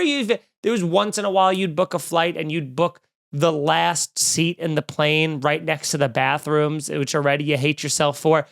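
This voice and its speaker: Snarky man ranting, smooth clear voice. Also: fairly high pitch. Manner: snarky, animated, mocking voices in quotes. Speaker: comedian podcast host. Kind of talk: comedic rant.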